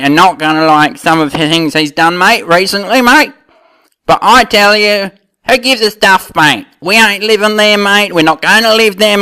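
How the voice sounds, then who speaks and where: A man's voice: high-pitched, bright, forceful tone, smooth. A man playing a laid-back, blunt Australian bloke in a broad Australian accent who says "mate" constantly.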